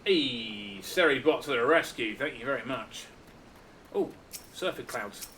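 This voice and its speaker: A man's voice: mid-range voice, animated, a little slow, distant mic, heavy background noise. A man giving casual let's-play commentary, with muttered, self-deprecating asides. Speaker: gaming channel host. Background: faint game music.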